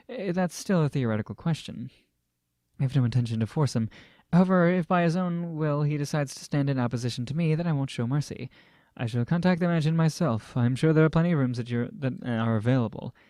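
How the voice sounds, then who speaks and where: A man's voice: medium pitch, fast, warm tone, no room sound, clean studio sound. A man casually reading a translated novel aloud, stumbling and restarting and breaking off for joking asides. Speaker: amateur novel reader.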